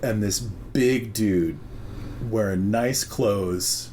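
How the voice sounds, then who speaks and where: A podcast co-host with a lowish voice speaks very slowly over a little hiss or hum. Telling a long story in casual chat, he swears freely and animatedly acts out the voices of the people in it.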